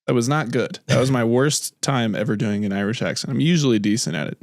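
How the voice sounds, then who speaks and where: A man's voice: mid-range voice, fast talker, gravelly, few pauses, darkish tone, no echo, studio quality. A man hosting a podcast, chatting casually and laughing easily, then reading his own short story aloud. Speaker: podcast host.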